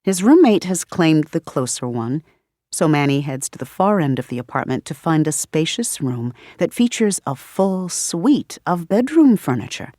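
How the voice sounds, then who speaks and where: A woman narrating an audiobook in a measured, expressive reading style. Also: low voice, no room sound, studio quality. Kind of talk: scripted narration.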